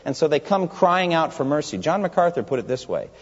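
A husky, somewhat high-pitched man delivers an emphatic expository sermon in a church sanctuary, asking the congregation rhetorical questions. He speaks fairly quickly in a sing-song manner, captured with long hall reverb and dull lo-fi quality.

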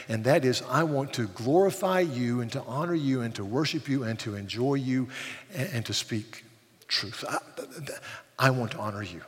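An older man preaching a sermon, earnest, often repeating words as he builds emphasis. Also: medium pitch. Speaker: pastor. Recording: long hall reverb.

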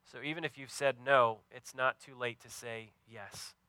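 A preacher with a bright, crisp voice, earnestly telling a story to his congregation and often pausing over fillers. His delivery is sincere and plain, recorded dry and close. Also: mid-range voice, fairly even intonation, no echo. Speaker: pastor. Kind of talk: sermon.

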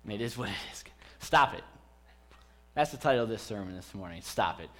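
A man's voice: lowish voice, animated, a little fast, fairly bright tone. A man in his thirties, a pastor giving a conversational sermon in a church, chatty and joking with the congregation.

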